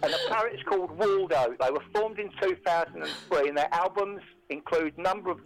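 A man hosts a radio segment from a studio, chatting loosely and telling odd stories. He slips in deadpan, made-up asides. His voice sits somewhat high for a man. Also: fairly quick, rough recording. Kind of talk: casual radio banter.

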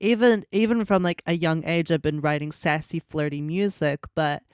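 Smooth-voiced chatty woman musician. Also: low voice, steady tone, normal speed, dry recording, studio quality. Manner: chatty, many fillers and restarts. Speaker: musician guest. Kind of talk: casual interview chat.

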